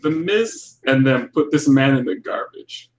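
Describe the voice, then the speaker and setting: A man's voice: mid-range voice, lively intonation, measured pace, soft background music. A man co-hosting a podcast, chatting casually about wrestling with blunt, profane jokes. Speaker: podcast co-host.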